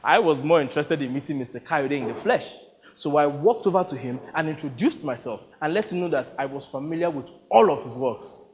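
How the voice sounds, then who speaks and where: Male audiobook narrator, dry and wry, higher register, roomy reverb. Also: animated, brisk.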